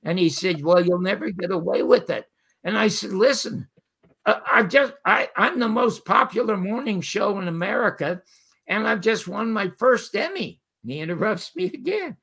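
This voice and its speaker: An older man telling animated stories as a guest, quoting the people in them. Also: high-pitched, normal speed, creaky, husky. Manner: animated storyteller quoting others. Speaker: guest storyteller. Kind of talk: casual interview anecdotes.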